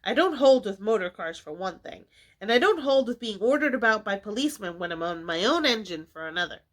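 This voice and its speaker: A woman voicing a stern but kindly male engine driver who speaks gravely and steadily in a storybook reading. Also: medium pitch, animated, brisk, natural voice.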